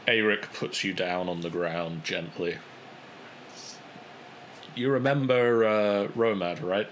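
A man is the game master of a tabletop role-playing session. He narrates slowly and hesitantly in a low, bright voice, with plenty of fillers. A faint noise floor sits under the recording. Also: low-quality recording. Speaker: dungeon master.

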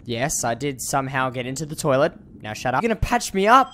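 A young man giving comedic gameplay commentary, excitable and jokey, talking back to the characters on screen. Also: mid-range voice, fast, slight background noise. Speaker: gaming youtuber.

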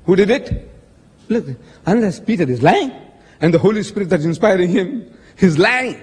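This man's voice sits high, with a sing-song, darkish and husky tone at normal speed, as he debates religion in public. He drives his points home emphatically, quotes scripture with dramatic stress and addresses his opponent as sir, amid the long reverb of an echoey hall.

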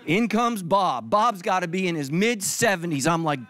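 A man's voice: sits high, lively intonation, moderate pace, hardly any pauses, fairly bright tone. A middle-aged male pastor giving a comedic sermon, acting out other people's lines for laughs.

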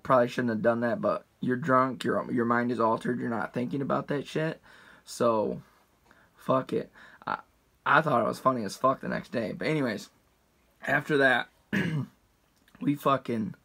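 A man's voice: gravelly, fairly bright tone. A man in his twenties casually telling a rambling, heavily profane story, with restarts and asides and quoted voices acted out. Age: 20s. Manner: acts out quotes with big pitch jumps. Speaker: storyteller vlogger.

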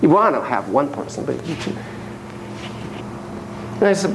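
A man giving a university lecture on psychotherapy, animated and profane, telling stories and acting out voices and sound effects. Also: a little high, normal speed, creaky, long pauses, background noise. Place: lecture room.

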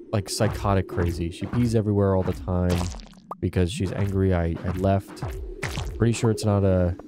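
Speaking in a deep voice with background noise behind him, a young man hosts his gaming channel from home. He chats casually with viewers as he plays a farming game indoors.

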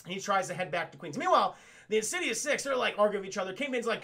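A man recapping a cartoon episode for a live chat in a casual, profane, excitable way, laughing often. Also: high-pitched, quick pace. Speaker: cartoon reviewer streaming to chat.

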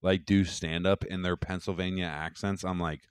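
A man's voice: sits low, level tone, moderate pace, smooth, dry recording. A young man co-hosting a podcast, talking in a loose, profane, rambling way and laughing at his own bits. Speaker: podcast co-host. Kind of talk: casual chat.

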